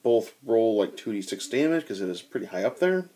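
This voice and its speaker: A young man telling a tabletop game story in a casual, animated way, swearing and acting out quotes. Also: fairly low pitch, brisk.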